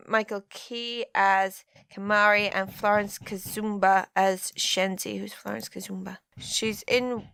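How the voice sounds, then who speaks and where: A woman co-hosting a podcast from home, relaxed and chatty, leading the topics. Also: mid-range voice, measured pace, creaky, few pauses, smooth, dry recording. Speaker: podcast co-host. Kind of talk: casual chat.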